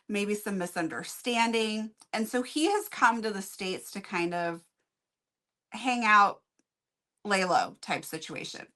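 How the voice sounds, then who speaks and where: A woman co-hosting a book review stream, casually retelling a novel's plot in a relaxed way. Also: mid-range voice. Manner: relaxed, storytelling plot summary. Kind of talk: casual chat.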